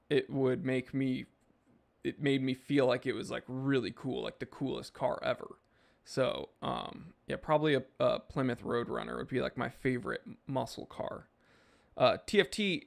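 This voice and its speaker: A man's voice: medium pitch, vocal fry. A man hosting a live stream, reading chat messages and answering in a laid-back, rambling way with lots of fillers.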